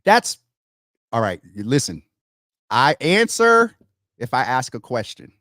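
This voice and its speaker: A man hosting a casual livestream, thinking out loud as he works through technical problems and talking straight to his viewers, calling them y'all. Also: mid-range voice, very animated, slow, no room sound, studio quality. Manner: thinks out loud while fixing tech problems. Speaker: livestream host.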